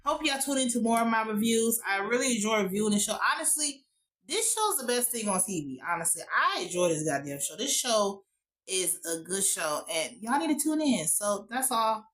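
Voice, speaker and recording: An American woman reviewing a TV episode in a casual vlog. She talks in a profane, animated way with lots of asides. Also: medium pitch, moderate pace, low-quality recording. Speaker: TV show reviewer.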